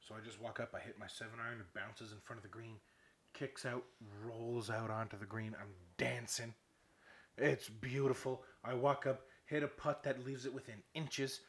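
A young man spins a long, profane story in casual conversation. His voice is bright and forward, and he rants with lots of energy, laughing through the telling. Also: mid-range voice, normal speed. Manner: animated, profane, ranting with laughs.

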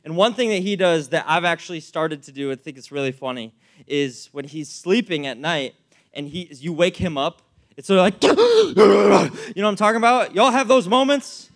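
Young male pastor, high voice, lively preaching with anecdotes. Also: normal speed. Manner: animated, acts out anecdotes, many fillers. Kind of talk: sermon with storytelling.

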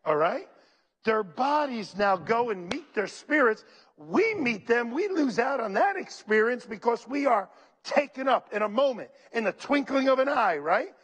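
A man's voice: very high-pitched, measured pace, slightly rough. A man preaching a sermon, calling out to his congregation and reading scripture aloud. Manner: animated, preacherly, calls out to the congregation. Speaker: pastor.

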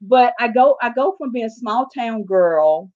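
A woman's voice: fairly high pitch, measured pace, muffled recording. A woman, a life coach telling her story in an interview and acting out her own dialogue. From southern United States. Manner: animated, acts out her own dialogue in quotes.

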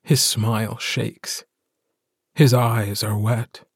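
A man narrating a short story as an audiobook, reading in a slow, measured way. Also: fairly low pitch, level tone, breathy edge, dry recording, studio quality. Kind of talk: scripted narration.

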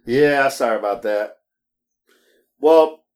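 A man's voice: mid-range voice, fairly quick. A man co-hosting a casual podcast, telling rideshare-driving stories with lots of laughter and acted-out voices. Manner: animated storyteller, laughs often, acts out voices. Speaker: podcast co-host; rideshare driver. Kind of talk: casual chat.

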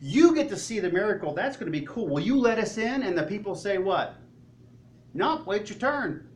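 A male pastor preaching a sermon, telling the story in an animated way and asking the congregation questions. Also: high voice, a little fast, slight background noise. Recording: echoey hall, faint ambience.

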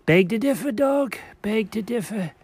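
A man acts out a wired, sugar-crazed tomcat with a high, bouncy voice. He is excitable, rambles, and tosses around "dog" as a nickname. The sound is dry and close. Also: moderate pace, breathy edge, no echo, exaggerated voice. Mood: rambling. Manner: excitable, calls everyone dog. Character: hyperactive sugar-crazed male cat.

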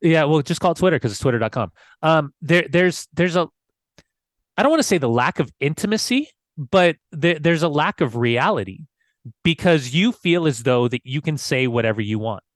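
A man co-hosting a casual football podcast, easygoing and agreeable, animated when riffing. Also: a little high, moderate pace, dry recording. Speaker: podcast co-host.

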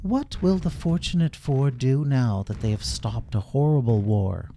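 A man voicing a gentle, gracious queen, high and breathy. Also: unhurried, a little hiss or hum, close to an everyday voice. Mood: kindly.

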